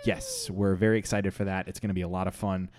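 A man's voice: sits low, flat delivery, fast talker, darkish tone. Rambling, chuckling podcast host, man. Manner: rambling, filler-heavy, chuckling. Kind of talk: casual comedy podcast chat.

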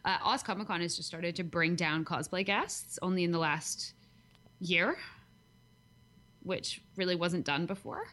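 A woman's voice: on the low side, a little slow, sharp tone. A young woman with a Canadian accent, a podcast guest talking in a chatty, self-deprecating way with many fillers. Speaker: guest, cosplayer. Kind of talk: casual podcast interview.

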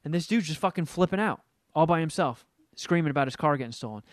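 A man's voice: fairly high pitch, animated, fast, no room sound. Dry-voiced man telling rambling stories. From Los Angeles area resident. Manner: rambling storyteller, swears freely. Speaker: podcast co-host. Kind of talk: casual chat.

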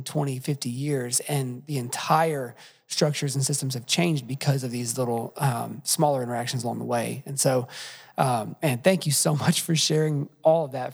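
Male podcast host, gravelly, reflective storyteller, reverberant room. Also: mid-range voice. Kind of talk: conversational podcast interview.

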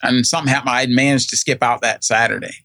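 A gravelly-voiced middle-aged man rambles through a personal story, full of fillers and restarts. He slips into the voices of the people he quotes. The sound is close and dry, with no room around it. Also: medium pitch, fairly even intonation, quick pace, bright, forceful tone, no echo. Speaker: guest telling his story. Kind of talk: casual storytelling.

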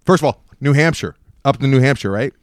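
A man's voice: medium pitch, lively intonation, quick pace, no room sound, clean studio sound. A middle-aged man on a podcast, telling a rambling, profane anecdote and acting out the other people's lines. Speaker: podcast co-host. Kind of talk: casual storytelling chat.

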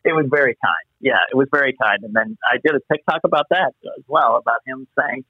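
A man being interviewed as an actor, telling lively anecdotes and acting out the people he quotes. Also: medium pitch, quick pace, husky, no echo. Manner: animated storyteller acting out quotes. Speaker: actor guest. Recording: muffled phone-line sound.

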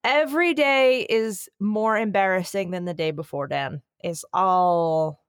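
A woman's voice: mid-range voice, clear, resonant tone, no room sound, clean studio sound. A woman co-hosting a podcast, chatting casually with a sardonic, teasing manner. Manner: sardonic, quick to tease. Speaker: podcast co-host. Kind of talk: casual political chat.

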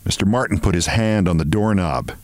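A man hosting a show, reading a short story aloud in an expressive, measured way. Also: deep voice, no room sound.

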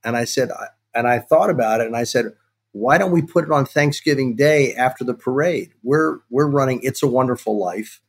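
A middle-aged man, a guest on a podcast, telling a lively anecdote and acting out the dialogue of the people in it. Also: mid-range voice, a little fast, creaky, breathy edge. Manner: animated anecdote-telling, acts out quoted dialogue. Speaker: sports television executive, guest. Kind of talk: casual storytelling in a podcast interview.

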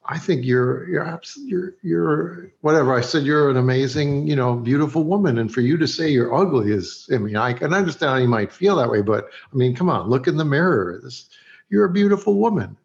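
Gravelly man telling a set story. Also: mid-range voice, brisk, few pauses, highs cut off. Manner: acts out both sides of remembered dialogue, laughs often. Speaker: TV director, guest. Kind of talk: relaxed anecdotal storytelling.

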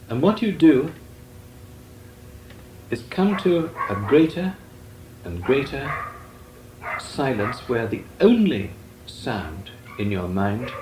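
An older man, a Benedictine monk, giving a measured, deliberate talk on meditation with long pauses. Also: medium pitch, darkish tone. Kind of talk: slow meditative spiritual talk. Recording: echoey room with faint noise.

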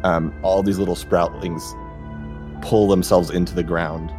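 A man running a tabletop fantasy game as game master, narrating in a relaxed, halting way with many restarts. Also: sits low, music in the background.

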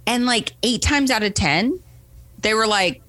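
A woman from the US recounts a story in a casual interview, animatedly performing the voices of those she quotes and asking "right?" a lot. She has a fairly high pitch and a measured pace, with no echo.

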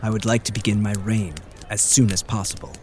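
Guy playing an arrogant prince giving orders, pretty flat and lowish tone. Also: brisk, slight background noise, lightly acted. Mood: smug commanding. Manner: smug, commanding. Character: arrogant young usurper prince Absalom.

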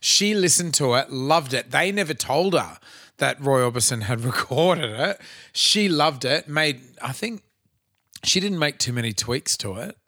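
A man with an Australian accent chats loosely on a podcast, swearing freely and restarting his sentences as he goes. His voice sits at a middle pitch for a man, close to the mic in a dry room. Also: lively intonation, unhurried, sharp tone, no room sound. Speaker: podcast co-host. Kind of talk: casual chat.

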